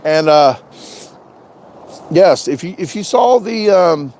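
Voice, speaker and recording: A man's voice: fairly high pitch, animated, slow, darkish tone, slight background noise. A man chatting casually on a live stream, rambling and joking, often repeating himself. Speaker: vlogger doing a live stream.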